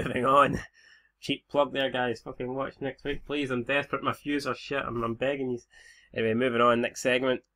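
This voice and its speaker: A man's voice: mid-range voice, pushed and bright. A man in his twenties with a Scottish accent, giving casual let's-play commentary full of sweary, laid-back banter. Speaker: game commentator.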